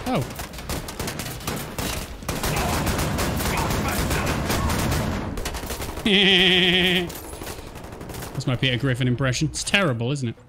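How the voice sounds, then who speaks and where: A man giving jokey, excitable let's play commentary, swearing at the game as he plays. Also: mid-range voice, rapid-fire, few pauses, noisy background. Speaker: gaming streamer.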